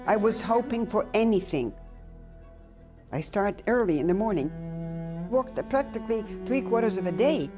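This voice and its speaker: An older woman recounting her own memories in a slow, halting, reflective way with pauses. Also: mid-range voice, lively intonation, music in the background. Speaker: Holocaust survivor giving testimony. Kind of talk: personal testimony, recounted memories.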